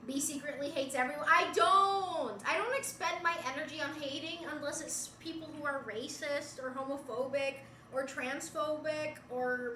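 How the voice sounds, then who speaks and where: A woman's voice: sits high, a bit bright, recorded from a distance, slight background noise. Young woman streamer from Puerto Rico, chatty and giggly, echoey bedroom, set back from the mic. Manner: giggly, chatty, reads chat aloud. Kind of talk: casual chat with viewers. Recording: roomy bedroom, voice away from mic.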